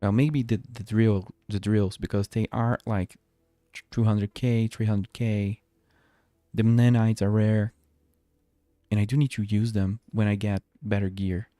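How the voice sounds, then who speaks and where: A man with a low, mellow voice chats his way through a live game stream. He rambles and restarts his sentences as he thinks aloud. The sound is dry and close, with no room around it. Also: level tone, unhurried, dry recording. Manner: rambling, self-talking, restarts often. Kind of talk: live gameplay commentary. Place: home.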